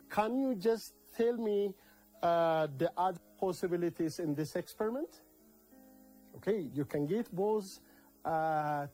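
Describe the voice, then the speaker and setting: Math teacher with an Ethiopian accent: slow, mellow delivery that repeats terms and asks "okay?" a lot. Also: mid-range voice, rough recording. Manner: repeats key words, checks in with "okay?". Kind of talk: recorded classroom lesson.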